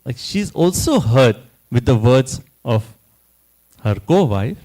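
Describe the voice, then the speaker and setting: A man giving a scripture class at a temple, telling the story in an animated way and often checking in with "you know" and "right?". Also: mid-range voice, takes it slowly, rough recording.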